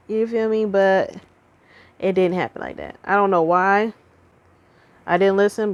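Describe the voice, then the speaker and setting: A young woman vlogger chats to her viewers in a storytime video, recounting a personal relationship story in a casual, animated way and addressing them directly. Her voice is medium-pitched and measured, with frequent pauses.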